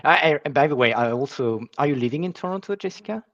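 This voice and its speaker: A man's voice: fairly high pitch, expressive, a bit bright, dry recording. Male guest, French accent, hesitant conversational delivery, dull, dry call-quality audio. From France. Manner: halting, restarts phrases, laughs easily. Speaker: guest facilitator. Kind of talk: casual interview chat.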